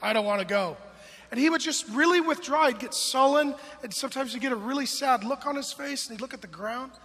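A man in his forties preaching a sermon, emphatic and swinging from loud calls to hushed storytelling. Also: very high-pitched, quick pace, in a large hall. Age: 40s.

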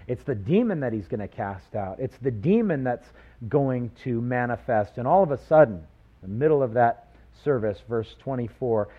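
Husky man preaching a sermon. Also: medium pitch, highs cut off. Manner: animated preaching, rhetorical questions, acted-out quotes. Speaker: pastor.

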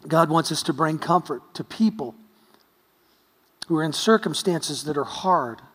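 A man's voice: a little high, measured pace, a bit bright, husky. Preaching man in a reverberant hall. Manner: storytelling, earnest with light humor. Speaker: pastor. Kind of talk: sermon.

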